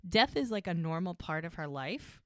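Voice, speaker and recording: A woman's voice: on the low side, sing-song, moderate pace, a bit bright, no room sound, studio quality. A woman co-hosting a podcast, chatting casually as she retells a TV episode scene by scene. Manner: chatty retelling, acts out quoted lines. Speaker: podcast co-host.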